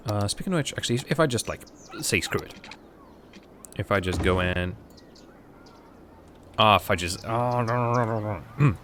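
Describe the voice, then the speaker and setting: A man's voice: on the low side, animated, moderate pace, long pauses, fairly bright tone, slight background noise. A man from Latvia, a native Russian speaker, doing live gameplay commentary, thinking aloud and chatting to viewers between game remarks. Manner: thinks aloud, rambling with fillers and restarts. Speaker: livestreamer.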